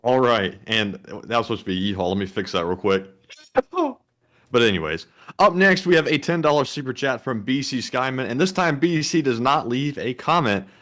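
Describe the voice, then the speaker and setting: Relaxed male co-host. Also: medium pitch, moderate pace. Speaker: co-host reading super chats. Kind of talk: casual live-stream chat.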